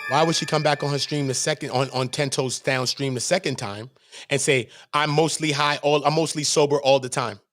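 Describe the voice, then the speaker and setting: A man's voice: on the high side, brisk, faint music behind. A man from Brooklyn with a New York accent, hosting his own channel in a heated, profane rant, repeating himself and acting out what others said. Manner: animated, repetitive, profane, acts out quoted voices. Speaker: channel host.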